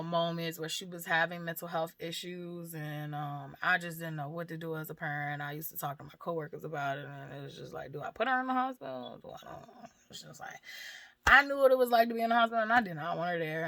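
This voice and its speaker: Low-voiced woman, frank and profane, half-laughing through heavy subjects, dry close recording. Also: pushed and bright, dry recording. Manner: candid, swears freely, laughs through hard topics. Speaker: mother and vlogger. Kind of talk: casual personal talk about grief.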